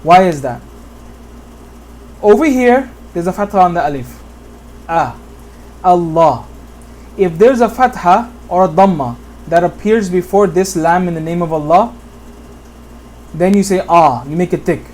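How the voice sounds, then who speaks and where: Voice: mid-range voice, normal speed, pauses often, a little mellow. A teacher from Bangladesh giving a whiteboard lesson on Quran pronunciation, patiently repeating examples and often checking in with the listener. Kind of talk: whiteboard tutorial.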